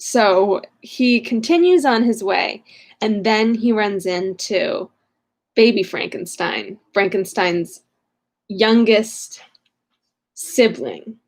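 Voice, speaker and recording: Chatty, scatterbrained young woman reading. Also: mid-range voice. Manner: chatty, scatterbrained, with frequent fillers. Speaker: reader of a novel. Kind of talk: casual chapter recap and reading aloud. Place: home room.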